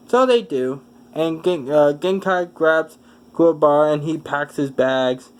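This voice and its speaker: A man with a voice pitched a bit high tells an improvised fan story aloud. He rambles along, often restarting and correcting himself mid-sentence. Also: measured pace, clear, resonant tone. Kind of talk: improvised fan-fiction narration.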